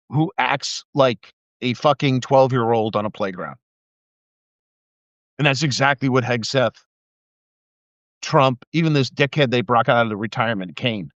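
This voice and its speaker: A man's voice: mid-range voice, fairly bright tone, dry recording. A middle-aged man delivering an angry, profane, sarcastic political rant on a live video. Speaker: live video streamer, former military investigator. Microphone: phone or webcam mic. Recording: dry, slightly muffled live stream audio.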